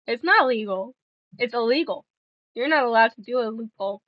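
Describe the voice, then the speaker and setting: A woman's voice: a little high, unhurried, pauses often, no echo, highs cut off. A young woman streaming and chatting casually with viewers, playful and giggly, rambling between stories.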